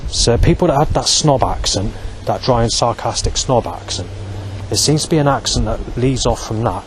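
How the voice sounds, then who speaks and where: The speaker is a middle-aged man, a vlogger, delivering a rambling monologue outside amid street and traffic noise. His mid-range voice is expressive and his speed normal, and he meanders, restarts, and swears a lot.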